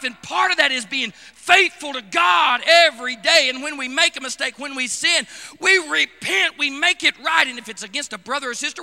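A male preacher delivering a fervent sermon, swinging from shouted exhortation to hushed, intimate asides. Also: extremely high pitch, expressive, fairly quick, long reverb tail.

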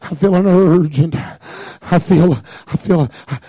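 A man preaching a revival sermon, swinging from low murmurs to shouted cries. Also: slow, breathy edge, no echo. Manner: fervent, breaking into shouted cries, then dropping low. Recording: dull, dry recording.

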